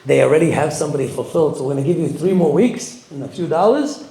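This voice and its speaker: A man giving a sermon as a rabbi, animated, swinging between loud emphasis and quiet asides. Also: fairly high pitch, quick pace, reverberant. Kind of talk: sermon with storytelling.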